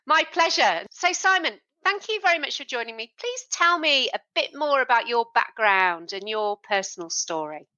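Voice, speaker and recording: A woman hosting an interview series, enthusiastic and quick to chime in. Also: on the high side, expressive, pushed and bright, dull audio. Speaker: interview host. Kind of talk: podcast interview.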